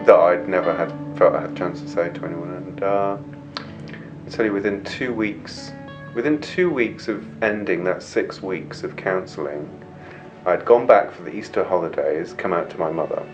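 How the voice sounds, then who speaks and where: A middle-aged man telling personal stories in an interview, animated, mimicking relatives in loud high voices. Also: moderate pace. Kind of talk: personal storytelling. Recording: slightly muffled with music behind.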